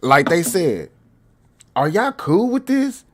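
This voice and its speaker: Animated man hosting a live stream. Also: a little high, slow pace. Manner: loud, mocking, addresses viewers directly. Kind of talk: casual live-stream commentary.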